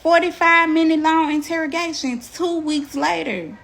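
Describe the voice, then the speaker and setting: A woman telling a painful personal story as a mother, halting and repeating herself, close to tears. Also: very high-pitched, creaky, fairly bright tone. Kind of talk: emotional storytime.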